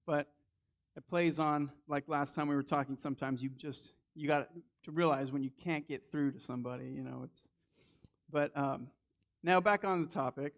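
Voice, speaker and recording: A man's voice: on the high side, fairly even intonation, moderate pace. Chatty Southern man preaching, lo-fi. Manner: conversational, with frequent restarts and repeated words. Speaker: lay preacher. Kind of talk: sermon with a personal story.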